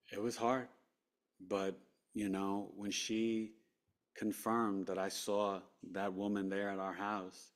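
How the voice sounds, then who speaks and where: A man as an interview guest, earnestly recounting a personal story and acting out what people said. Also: sits low. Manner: earnest, animated, acts out quotes.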